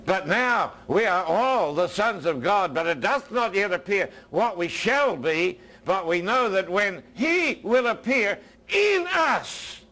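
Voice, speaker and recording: Delivering a sermon, an American man who serves as a minister lets his voice fall quiet and low, then brings it back up.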